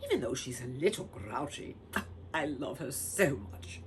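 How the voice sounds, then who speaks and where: A woman reading a children's storybook aloud, very expressive, acting out the characters as she goes. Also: very deep voice, unhurried, slight background noise.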